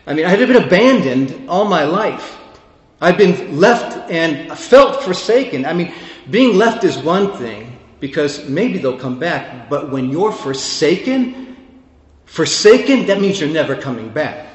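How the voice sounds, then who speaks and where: A man's voice: on the high side, animated, measured pace. Emotional man preaching in an echoey hall. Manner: emotional, swelling from hushed to fervent. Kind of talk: sermon testimony. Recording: echoey hall with long reverb.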